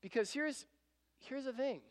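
High-voiced preacher in a reverberant hall. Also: male voice, measured pace. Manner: conversational preaching, acting out quotes. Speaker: pastor. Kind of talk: sermon. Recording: long reverb of a large hall.

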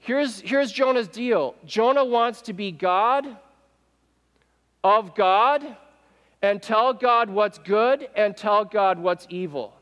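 A male pastor with a high voice preaches a lively sermon, acting out quoted speech and calling questions out to the people in front of him. His voice carries a long reverb, as in a large church hall. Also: slow pace, dull audio. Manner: animated, acts out quoted speech and asks the congregation questions. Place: church sanctuary.

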